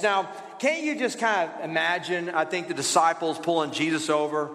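High-voiced pastor preaching in an echoey hall. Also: male voice, normal speed, hardly any pauses, a bit bright. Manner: conversational preaching with rhetorical questions and repetition. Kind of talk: sermon. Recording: roomy hall reverb.

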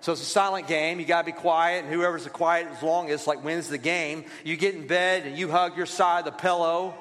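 A man preaching a sermon as pastor, telling lively stories and calling on the congregation to read along. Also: fairly high pitch, brisk. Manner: lively storytelling with asides to the congregation. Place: church. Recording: reverberant church hall.

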